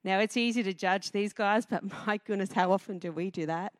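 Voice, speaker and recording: A woman preaching a sermon to a congregation, lively and conversational, often putting questions to her listeners. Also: medium pitch, a little fast, no room sound, studio quality. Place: church before a congregation.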